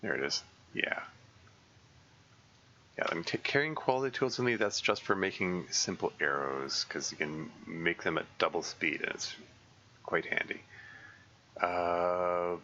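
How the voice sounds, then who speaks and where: Low-voiced man thinking aloud while streaming. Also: bright, forceful tone, highs cut off, slight background noise. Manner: halting, thinking aloud with many fillers and restarts. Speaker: game streamer. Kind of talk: casual live gameplay commentary.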